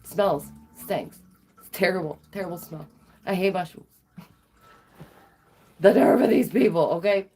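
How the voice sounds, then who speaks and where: A woman vlogger telling stories to her viewers in a sassy, animated way, laughing often. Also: on the low side, a little slow, pauses often, breathy edge. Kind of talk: casual storytelling to viewers.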